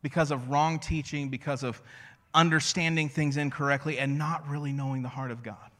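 A man preaching a sermon as a pastor, conversational and storytelling, slowing to a hush on key phrases. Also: on the high side, fairly even intonation, big-room sound. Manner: conversational, storytelling with self-deprecating asides.

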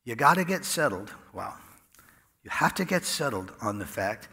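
A man preaching a sermon in a folksy storytelling way, dropping to a hush and then rising loud. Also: mid-range voice, big pitch swings, moderate pace, gravelly. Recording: echoey hall with long reverb.

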